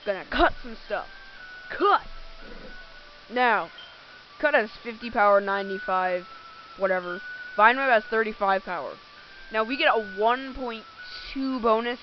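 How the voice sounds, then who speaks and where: A woman's voice: medium pitch, a little hiss or hum. A woman hosting a let's play, giving casual, rambling gameplay commentary and often correcting herself. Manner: rambling, self-correcting, giggly. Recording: dull lo-fi recording.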